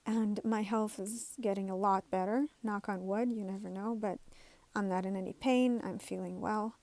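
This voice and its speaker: A woman's voice: mid-range voice, fairly even intonation, normal speed, dark tone, dry recording. Woman vlogging, dry close sound. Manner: rambling storytelling with many fillers and restarts. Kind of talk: casual talk to camera.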